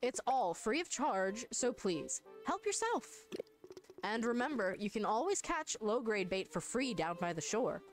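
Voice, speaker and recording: A woman voicing a friendly bait-swap keeper, speaking in her own voice but lower and more carefully enunciated. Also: very animated, unhurried, faint music behind. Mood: helpful.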